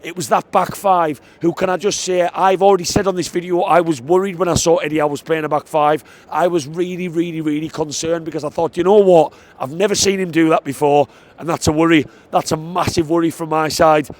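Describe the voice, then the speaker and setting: A man giving an excitable post-match football fan reaction outside the stadium, stressing his points. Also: a little high, a little fast. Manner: excitable, emphatic, repeats "I tell you what".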